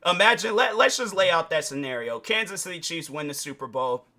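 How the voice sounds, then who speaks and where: A man hosting his own channel, giving casual, animated opinion commentary with slang, talking straight to his viewers and breaking into excited impressions. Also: brisk. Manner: animated, jumps into excited high-pitched impressions of others; informal slang, addresses viewers directly. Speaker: YouTube reaction host.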